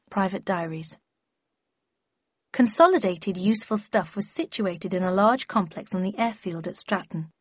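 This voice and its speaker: A woman's voice: medium pitch, no room sound. A woman narrating a first-person audiobook in a wry, understated storytelling manner. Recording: dry, slightly muffled lo-fi recording.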